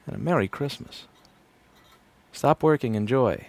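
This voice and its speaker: Working in his repair shop, a man in his thirties livestreams and rambles in a sardonic, casual way, swearing without restraint. The dry recording catches his lowish, creaky voice, animated and at a normal pace.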